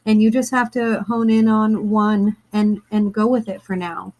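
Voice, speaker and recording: Earnest woman giving a gentle card reading. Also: medium pitch, flat delivery, measured pace, rough recording. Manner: gentle, earnest, with many fillers and self-corrections. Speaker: tarot reader.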